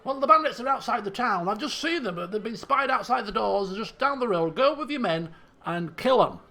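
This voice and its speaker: A man's voice: high-pitched, lively intonation, a little fast, bright, forceful tone, voice pushed up, full character voice. A man doing an urgent town quest-giver.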